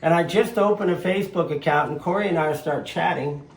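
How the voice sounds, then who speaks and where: A man in his fifties with a Southern US accent, telling lively stories as an interview guest in his home. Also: fairly high pitch, brisk. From raised in Nevada, from southern Louisiana. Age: 50s. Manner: animated storyteller, acts out quoted voices. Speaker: interview guest, retired jet ski racer. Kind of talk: casual storytelling interview. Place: living room at home. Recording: roomy home room, faint ambience.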